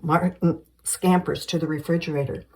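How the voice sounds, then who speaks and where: Husky woman reading a screenplay. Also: sits low, fairly even intonation, normal speed, a little mellow, rough recording. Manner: reads stage directions plainly and evenly.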